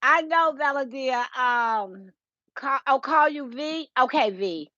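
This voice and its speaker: A woman's voice: high-pitched, expressive, slow, pushed and bright, dry recording, highs cut off. A woman, hosting a casual home decor livestream and chatting with viewers by name, recorded through a Bluetooth earpiece. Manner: chatty, greets viewers by name, laughs often.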